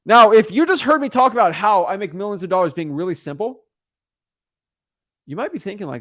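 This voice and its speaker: A man's voice: high voice, big pitch swings, fairly quick, fairly bright tone. A man in his twenties teaching real estate wholesaling on a livestream, talking in a hyped-up, rambling way and correcting himself often.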